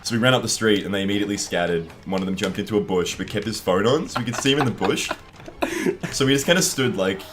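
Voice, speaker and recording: A man's voice: on the low side, fast talker, background noise. A young Australian man co-hosting a casual gaming chat, telling a story with lots of swearing and acted-out voices. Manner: animated, swearing, acts out voices in his stories. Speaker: co-host.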